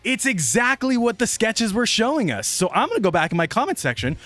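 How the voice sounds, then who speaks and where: A man reacting live to news on his stream, loud and hyped, shouting and laughing until he is out of breath. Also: high-pitched, sing-song, fairly quick, soft background music.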